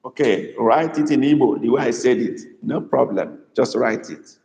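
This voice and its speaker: A man teaching a live online language class, patiently repeating phrases slowly for his students. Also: mid-range voice, gravelly, darkish tone, lo-fi sound. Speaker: Igbo language tutor. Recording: echoey room with long reverb.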